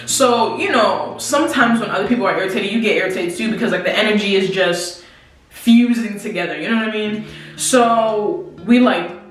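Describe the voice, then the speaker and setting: A young woman telling a story to her viewers in a lively, slangy way, talking straight to them. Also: medium pitch, normal speed. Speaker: vlogger. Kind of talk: casual storytelling to camera. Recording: very echoey room, distant mic, faint music.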